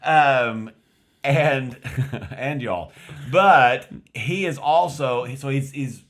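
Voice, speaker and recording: A man's voice: medium pitch, very slow, fairly bright tone. A man from West Texas with a light West Texas accent, co-hosting a casual film review and rambling through his thoughts with many restarts. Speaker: podcast co-host.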